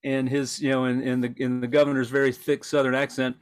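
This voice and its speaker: A man's voice: medium pitch, little pitch movement, a little fast, clean tone. A man co-hosting a podcast, telling rambling anecdotes with self-deprecating asides in a casual political chat. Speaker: podcast co-host.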